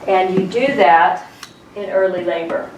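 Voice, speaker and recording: A woman's voice: lowish voice, steady tone, unhurried. Woman childbirth educator, middle-aged, storytelling, classroom echo, recorded from across the room. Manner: storytelling, asks the class questions. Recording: roomy, distant, faint room noise.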